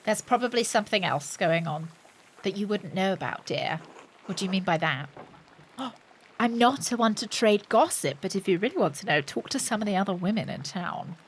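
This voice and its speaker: A woman reading the lines of a frank, motherly middle-aged village wife in a lowered voice. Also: animated, normal speed, slight background noise, lightly acted, poor audio. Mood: confiding.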